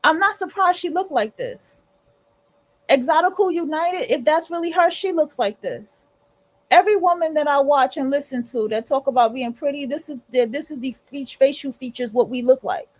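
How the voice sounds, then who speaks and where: A woman's voice: sits high, normal speed. A woman hosting a livestream, talking casually and rambling with restarts and blunt, profane asides. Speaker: livestream host.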